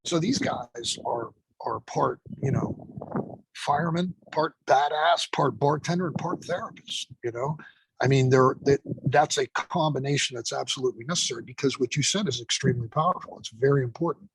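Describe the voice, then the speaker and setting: A man guest on a podcast, a fire training instructor telling stories in an emphatic, profane, animated way. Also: mid-range voice, normal speed, breathy edge, no echo, poor audio. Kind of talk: casual podcast storytelling.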